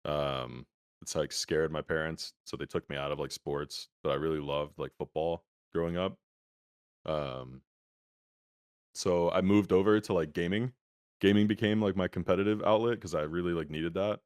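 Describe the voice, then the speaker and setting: A young man chatting casually as an interview guest over a video call, relaxed and full of filler words, his audio a little choppy from a poor connection. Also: deep voice, normal speed, clean tone, no room sound, studio quality.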